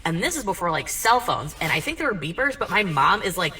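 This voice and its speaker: A young woman telling a comic family story in a chatty, animated way, full of "like" and asides. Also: fairly low pitch, brisk, hardly any pauses, far from the mic, slight background noise.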